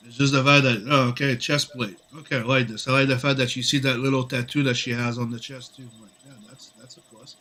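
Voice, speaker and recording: A man's voice: medium pitch, flat delivery, quick pace, hardly any pauses, pushed and bright, a little hiss or hum. Guy with a cough chatting loose while he draws, rambly, swears some. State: sick with a cough. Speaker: comic artist streaming. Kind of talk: casual stream chat while drawing.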